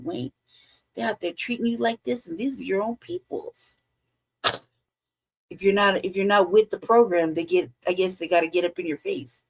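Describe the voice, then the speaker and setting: A middle-aged woman talks through political commentary in a blunt, profane way. She laughs often and throws in animated asides. Her voice sits in a middle pitch. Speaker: podcast co-host.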